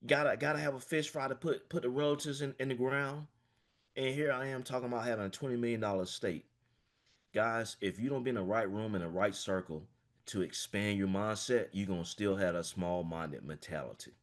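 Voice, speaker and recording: Speaking over a video call, a financial coach from small-town Florida in the US delivers a passionate, emphatic motivational talk, peppering it with "man." His voice sits on the low side, and he talks a little fast.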